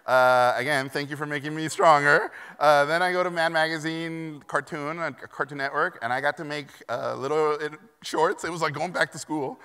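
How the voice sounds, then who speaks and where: Animated man with a bright voice. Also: fairly high pitch, normal speed, few pauses, smooth. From Mexico. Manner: animated, self-deprecating, acts out quoted voices. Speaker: keynote speaker. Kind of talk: conference keynote storytelling. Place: conference hall. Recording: long reverb of a large hall.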